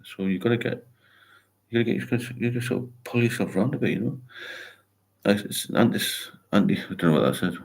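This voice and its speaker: Very deep-voiced older man. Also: fast talker, creaky. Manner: rambling, reads viewer comments aloud and answers them warmly. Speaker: host of a sobriety livestream. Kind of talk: casual live chat.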